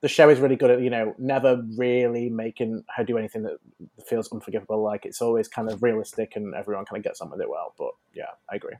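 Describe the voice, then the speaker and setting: A man's voice: lowish voice, quick pace, mellow. A man co-hosting a casual chat, giving emphatic, opinionated takes.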